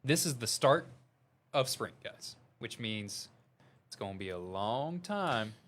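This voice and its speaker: A man's voice: medium pitch, very animated, slow, fairly bright tone. A man with a Southern Missouri accent, a meteorologist talking urgently and conversationally during live severe weather coverage. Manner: urgent, conversational, reading updates aloud.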